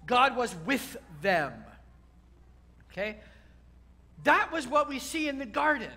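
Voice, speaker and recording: A man's voice: extremely high pitch, big pitch swings, slow pace, bright, forceful tone. A man, a rabbi, preaching a sermon to a congregation, repeating key words and building to emphatic peaks.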